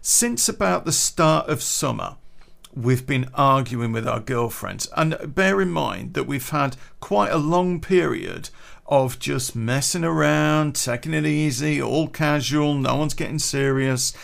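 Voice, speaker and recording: A man's voice: mid-range voice, unhurried, vocal fry, a bit bright. A man telling a rambling, swear-heavy personal anecdote in a casual way, full of restarts. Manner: profane, rambling, frequent restarts. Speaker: storyteller.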